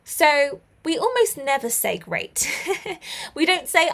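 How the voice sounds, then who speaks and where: A young woman with a British accent runs a live online English lesson, cheering her learners on and laughing lightly between examples. Her voice sits high, with a gravelly fry at the ends of phrases. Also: sing-song, measured pace, bright, forceful tone. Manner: encouraging, praises learners often, laughs lightly. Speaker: English teacher.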